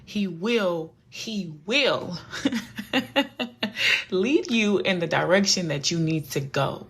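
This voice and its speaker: A woman's voice: medium pitch, animated, very slow, a bit bright, breathy edge. A woman vlogger giving a casual, earnest faith talk that often repeats her points and turns preachy.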